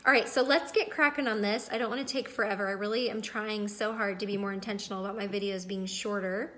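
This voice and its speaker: A woman's voice: mid-range voice, fairly even intonation, fast, fairly bright tone. A woman in her thirties hosting a casual live video, chatting to viewers, greeting them by name and sounding emotional and close to tears. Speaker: wellness livestream host.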